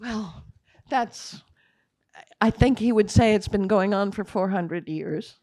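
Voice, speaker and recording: An older woman speaks in a post-screening Q&A, recounting memories in a halting, emotional way. Her voice sits at a middle pitch, and the sound is dry and close. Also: mellow, no room sound. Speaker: film director. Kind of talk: Q&A after a screening.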